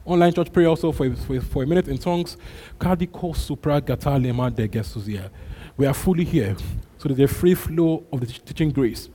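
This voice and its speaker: A man's voice: on the high side, brisk, mellow. A male pastor preaching a sermon, emphatic and repetitive, calling out to his congregation. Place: church. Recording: long hall reverb.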